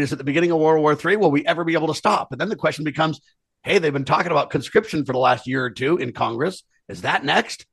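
A man's voice: fairly high pitch, vocal fry, fairly bright tone, husky, no echo. A man co-hosting a political talk show, speaking earnestly and emphatically and addressing listeners directly. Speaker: co-host. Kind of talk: political commentary chat.

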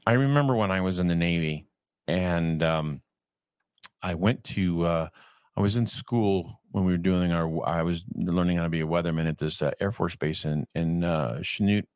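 Gravelly, low-voiced man reading aloud. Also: a little mellow, no echo. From California. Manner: reads evenly, then digresses in a halting conversational way. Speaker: reader and commentator. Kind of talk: reading aloud with personal asides.

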